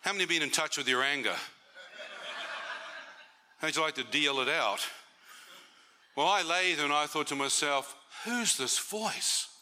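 Bright-voiced man preaching. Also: fairly high pitch, normal speed, long pauses, a little hiss or hum. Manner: conversational, asks the audience questions. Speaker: preacher giving testimony. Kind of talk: testimony sermon. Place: church meeting.

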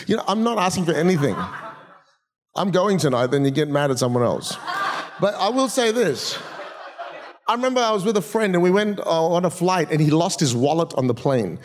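A man preaching a sermon as a guest preacher, with humorous, energetic storytelling and quick asides, in a large church auditorium. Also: high-pitched. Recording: long reverb of a large hall.

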